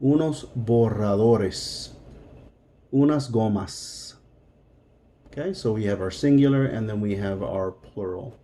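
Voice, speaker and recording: Slow, mellow-voiced male Spanish teacher. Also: on the low side. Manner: patient, explains step by step, repeats words. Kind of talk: recorded language lesson.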